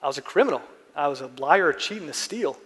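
A preacher giving voice to a humble criminal, plain-spoken and sheepish, talking in a somewhat high voice. A long echo from the church hall hangs behind him. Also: male voice, animated, fast, husky.

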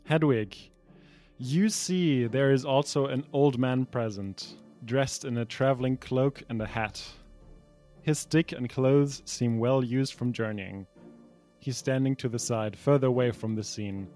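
A man's voice: mid-range voice, unhurried, mellow, soft background music. A young adult man as game master, reading pre-written narration for a tabletop game with small slips and restarts.

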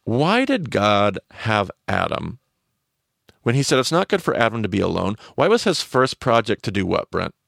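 A man's voice: on the low side, big pitch swings, moderate pace, gravelly, fairly bright tone, no room sound, studio quality. A man teaching on a podcast, explaining a story and quizzing his cohost with questions.

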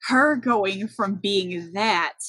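A woman co-hosting a casual chat, wryly recapping a movie in a steady, explaining way. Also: medium pitch, very slow, slightly rough, no echo, low-quality recording. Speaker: podcast co-host.

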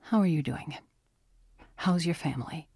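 A woman voicing a calm, thoughtful man who explains things in a measured way. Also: on the high side, slightly rough, no echo.

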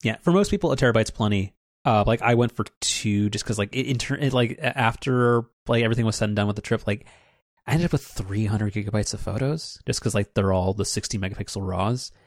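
A man's voice: lowish voice, fast talker, dry recording, studio quality. A man hosting a podcast in casual chat, rambling with many restarts and fillers. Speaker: podcast host.

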